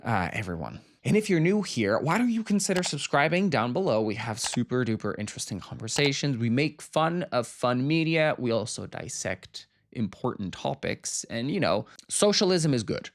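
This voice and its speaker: A man talking casually about a show from home, with a lively voice that leaps high and then sinks to low asides. His delivery is campy and animated, full of bursts and muttered jokes. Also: normal speed, hardly any pauses. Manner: animated and campy, big pitch swings, drops to mutters. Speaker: video essay host. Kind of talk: casual commentary.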